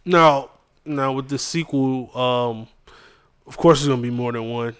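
A man's voice: mid-range voice, a little slow, clear, resonant tone. A man co-hosting a podcast, laid-back and joking in casual chat. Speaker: podcast co-host.

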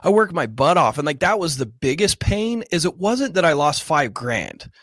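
A man's voice: a little high, sing-song, moderate pace, a bit bright, no echo, studio quality. A man telling his personal story as a podcast guest, earnest and casual, at times choked up, saying "dude" and "like". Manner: earnest, gets choked up, slangy. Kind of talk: emotional interview storytelling.

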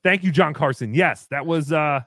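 A man hosting a comedy livestream, reading out viewer messages in a goofy, mocking way and jumping into loud cheers. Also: fairly high pitch, normal speed, no echo, studio quality. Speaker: livestream host. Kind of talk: casual comedy livestream chat.

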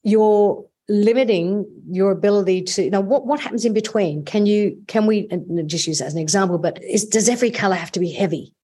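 Woman, voice teacher, panel chat, animated, restarts sentences, dark mellow tone. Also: mid-range voice, fairly quick, hardly any pauses, slightly rough. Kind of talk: casual panel discussion.

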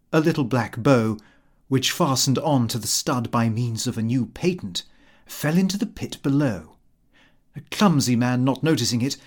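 A man reading a comic diary aloud as an audiobook, with expressive, lively delivery. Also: medium pitch. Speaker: audiobook reader. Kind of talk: scripted narration of a comic diary.

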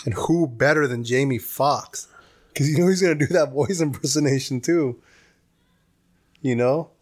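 Sex: male. Role: podcast co-host. Style: casual chat. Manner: chatty, rambling. Pitch: middle. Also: moderate pace.

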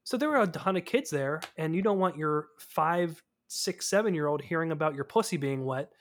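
A man's voice: on the high side, lively intonation, normal speed. A man co-hosting a casual podcast who jokes around, laughs often, and addresses listeners directly. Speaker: podcast co-host. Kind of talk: casual chat.

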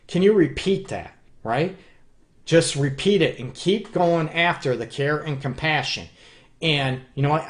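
Unhurried and with a voice a little high, a Detroit-area counselor runs a live relationship advice show. He's emphatic, repeatedly checking in with listeners by asking "okay?" and saying "you know what".

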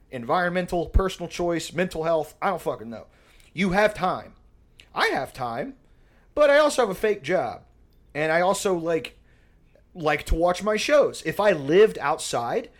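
A man on a casual podcast, telling stories in a rambling, profane, animated way. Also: sits high. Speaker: podcast co-host. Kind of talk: casual comedic chat.

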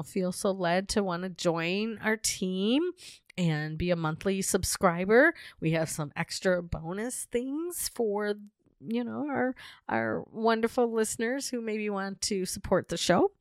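A woman co-hosting a podcast in casual chat, a little hoarse because she is losing her voice, laughing often and reading show promos in a friendly way. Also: mid-range voice, no echo, clean studio sound. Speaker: podcast co-host.

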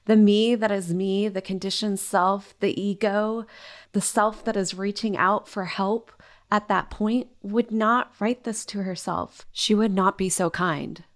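A woman's voice: mid-range voice, steady tone, unhurried. A woman hosting her own podcast, talking candidly and from the heart in a conversational monologue, with the odd casual swear word. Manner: open and heartfelt. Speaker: podcast host.

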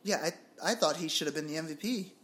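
A man's voice: fairly high pitch, fast. A young man from Puerto Rico co-hosting a casual sports podcast, telling stories with lots of laughs and casual swearing. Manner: animated storyteller, laughs often, swears casually. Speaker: podcast co-host.

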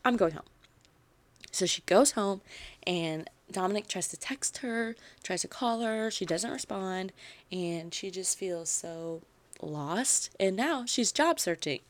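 A woman hosting a book podcast, retelling a novel's plot in a chatty, animated way with lots of "like" fillers. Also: mid-range voice, slow. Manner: animated storytelling, frequent "like" fillers.

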